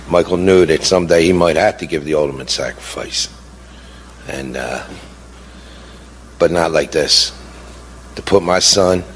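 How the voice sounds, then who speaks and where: A middle-aged man telling his own story as a bereaved father, indignant and impassioned, repeating himself for emphasis and firing off rhetorical questions. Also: deep voice. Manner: frequent "you know" and rhetorical questions. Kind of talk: emotional personal account. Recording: long hall reverb.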